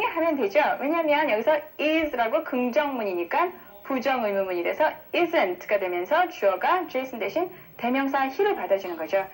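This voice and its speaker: A woman hosting a broadcast English lesson, explaining grammar briskly and switching between two languages. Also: sits high, lively intonation, poor audio.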